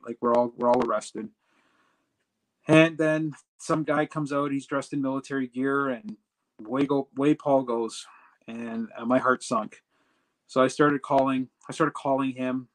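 Rambling pastor telling a story. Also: male voice, mid-range voice. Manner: rambling, animated, many fillers and restarts. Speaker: pastor, interview guest. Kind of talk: casual storytelling.

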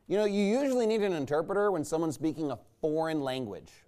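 A man's voice: fairly high pitch, expressive, fast talker, warm tone. A man preaching a conversational sermon in a folksy, rambling way, checking in with the congregation with rhetorical questions. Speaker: pastor.

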